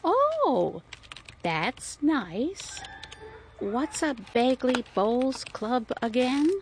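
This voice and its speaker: Elderly widow, radio drama, higher voice, unhurried, mixes up tech words. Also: female voice, sing-song, slight background noise, heavily acted. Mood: chatty. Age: older. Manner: fussy, giggly, muddles tech words. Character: chatty elderly widow neighbor woman.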